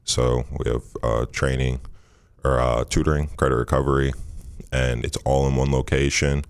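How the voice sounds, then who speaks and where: A man's voice: extremely low pitch, moderate pace, gravelly, clean tone, no room sound. A man from Michigan in his thirties, a former basketball player, talking casually in an interview with lots of fillers and restarts. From Michigan, USA. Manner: relaxed, rambling, frequent fillers and restarts.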